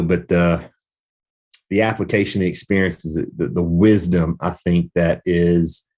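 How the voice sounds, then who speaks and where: Middle-aged male podcast host, very low voice, rambling reflective storyteller. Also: darkish tone. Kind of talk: casual podcast conversation.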